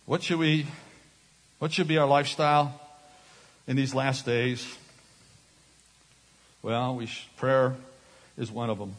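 A man's voice: medium pitch, slow, pauses often. A man preaching a sermon from a stage, telling personal stories and acting out other people's voices. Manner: animated, acts out voices in anecdotes. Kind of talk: storytelling sermon. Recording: reverberant hall.

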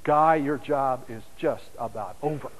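A man preaching a sermon and telling stories, his voice swinging from loud, urgent calls to hushed, soft asides. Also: mid-range voice, measured pace, big-room sound, poor audio.

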